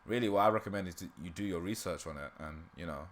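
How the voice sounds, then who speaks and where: A man's voice: low-pitched, fast, fairly bright tone. A man hosting a casual livestream, laughing often and joking about himself, with a dry throat. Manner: laughs often, self-deprecating. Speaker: livestream host.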